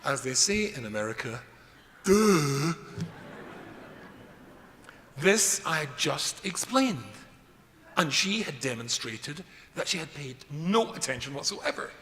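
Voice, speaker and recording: A man's voice: on the high side, sing-song, moderate pace, sharp tone. A middle-aged man, a rabbi giving a jokey, self-deprecating lecture full of stories. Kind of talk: humorous lecture with storytelling. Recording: reverberant hall with faint noise.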